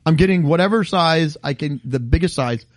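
A man's voice: a little high, moderate pace, no room sound. A middle-aged man, co-hosting a casual chat and ranting with mock outrage. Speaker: podcast co-host.

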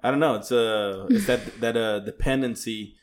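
A man's voice: lowish voice, steady tone, moderate pace, a little hiss or hum. A young man co-hosting a podcast in casual chat, laid-back and swearing, with plenty of fillers. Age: young adult. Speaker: podcast co-host.

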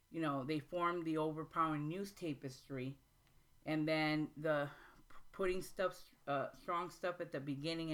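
A woman hosting a writing workshop, explaining in an informal, halting way with frequent pauses and restarts, and reading passages aloud slowly. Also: low voice. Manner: reads excerpts aloud slowly. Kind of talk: informal teaching talk.

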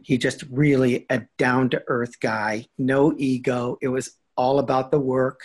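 An older man, a guest actor, chatting casually in an interview and telling animated stories. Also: mid-range voice, measured pace. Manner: animated storyteller, acts out quoted lines with laughs.

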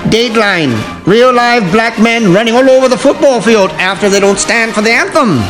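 A man putting on a brash 1940s newsreel announcer voice, booming and brassy, pitched well above his own. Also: normal speed, over music. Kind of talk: 1940s radio announcer parody.

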